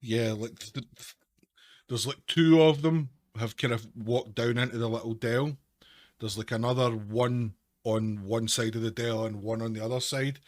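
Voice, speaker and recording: A man's voice: medium pitch, fairly even intonation, normal speed, dry recording. A man narrating as game master, describing the scene in a loose, hedging way.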